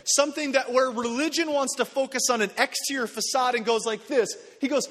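A man pastor preaching a sermon in a church, animated and conversational, acting out quotes as he goes. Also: very high-pitched, fast talker, few pauses, long reverb tail. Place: church sanctuary.

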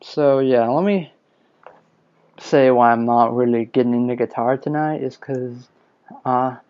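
A man's voice: mid-range voice, measured pace. A man hosting a casual solo live podcast, rambling and self-deprecating, a little sleepy. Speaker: podcast host. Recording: lo-fi dull audio.

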